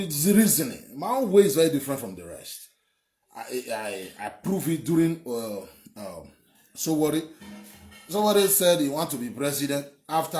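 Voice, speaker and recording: A young Nigerian man from Edo giving heated political commentary, emphatic and rambling, repeating words and swearing. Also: a little high. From Edo State, Nigeria. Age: young adult. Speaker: online commentator. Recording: echoey room.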